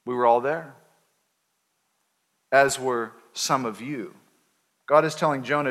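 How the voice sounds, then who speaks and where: A pastor preaching a sermon, telling the story with playful voices for the characters. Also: male voice, medium pitch, takes it slowly, long pauses, fairly bright tone. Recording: hall reverb.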